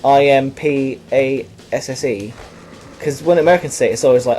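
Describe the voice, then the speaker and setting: A man's voice: medium pitch, a little fast, a little mellow, soft background music. Rambling, profane young man. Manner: profane, rambling, self-mocking. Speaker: let's play commentator. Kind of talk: rambling gameplay commentary.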